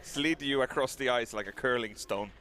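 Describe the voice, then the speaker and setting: A man's voice: medium pitch, normal speed, noisy background. A man giving live ice hockey color commentary from the gantry, bantering and laughing. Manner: lively, laughs a lot, banter.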